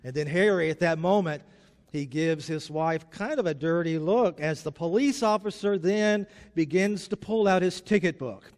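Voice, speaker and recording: Male pastor, conversational storytelling sermon; high voice, chapel reverb. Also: moderate pace, a little mellow.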